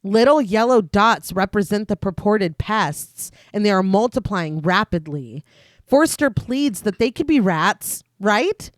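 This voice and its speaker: A young adult woman co-hosts a horror podcast, reading a film recap at a measured pace in a mid-range voice with no echo. She laughs often and breaks in with animated asides.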